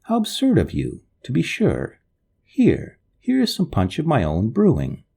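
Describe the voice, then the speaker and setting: A man voicing a pale, sinister ghostly student who speaks quietly and mockingly. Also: mid-range voice, huge pitch swings, a little slow, gravelly, husky, heavily acted.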